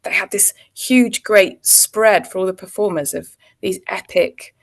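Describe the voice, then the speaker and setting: A woman's voice: medium pitch, steady tone, a little slow, creaky. A woman, an actor chatting as a guest and telling anecdotes with frequent ums and laughs. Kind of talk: casual interview chat.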